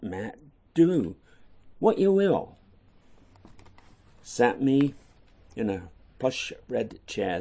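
Man, poetry reading, gravelly, dark, unhurried storytelling. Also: medium pitch. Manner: unhurried, storytelling delivery with voiced dialogue. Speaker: poet reading his own work.

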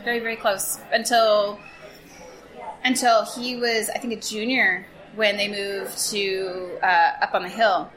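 A woman sharing lively childhood stories about her cousin in a casual interview, laughing as she goes. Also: mid-range voice, unhurried. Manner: animated, laughing storyteller. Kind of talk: casual storytelling. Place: Tacoma, Washington area.

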